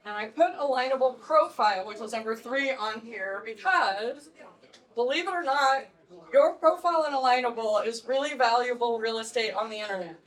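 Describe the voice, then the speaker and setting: A woman teaching a live networking workshop, telling animated stories with laughs. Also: fairly high pitch, normal speed, recorded from a distance, low-quality recording. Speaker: networking trainer. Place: meeting room with audience.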